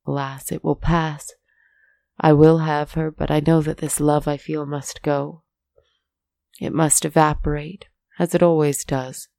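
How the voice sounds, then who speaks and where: A woman voicing a lovesick young prince in a storybook tale, pleading in an earnest, hushed way. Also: deep voice, flat delivery, unhurried, creaky, dry recording.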